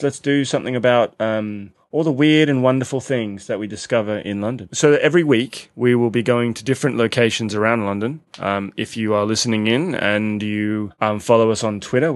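A man's voice: lowish voice, brisk, hardly any pauses, no echo, clean studio sound. A man with an Australian accent co-hosting a podcast, joking and rambling in casual chat. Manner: joking, rambling, self-deprecating. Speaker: podcast co-host.

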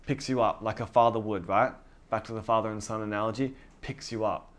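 A man's voice: lowish voice, a little fast. A man preaching a sermon in a casual, conversational way, often acting out dialogue. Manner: conversational, animated, acts out dialogue.

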